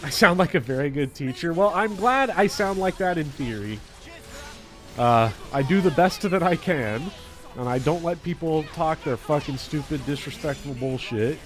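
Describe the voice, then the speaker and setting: A somewhat high-voiced man rants to his viewers mid-game, blunt and swearing freely. He talks in an animated, unfiltered way, with soft music under him. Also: normal speed. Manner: blunt, heavily profane, animated. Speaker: teacher streaming a game. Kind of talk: casual ranting to chat while gaming.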